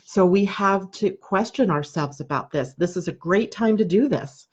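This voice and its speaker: A woman's voice: medium pitch, normal speed, darkish tone, slightly rough, lo-fi sound. A woman from the United States hosting a live daily astrology broadcast, chatty and conversational, often asking rhetorical questions. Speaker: astrologer and show host.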